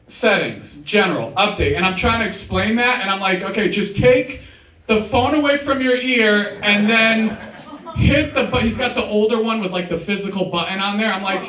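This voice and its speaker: A man's voice: sits high, a bit bright. A young man performing a casual stand-up comedy set at a live show, often saying "dude". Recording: roomy live sound, mic at a distance.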